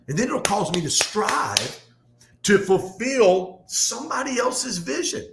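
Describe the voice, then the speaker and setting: A man speaking as a guest in a casual podcast conversation, talking in an animated, fast, motivational way. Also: high-pitched, noisy background. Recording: echoey room.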